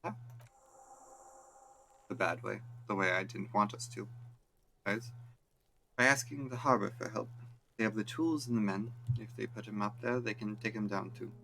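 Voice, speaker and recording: A man reading a reserved police lieutenant in a video game, speaking in a measured, dry and formal way. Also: on the low side, vocal fry, sharp tone, rough recording.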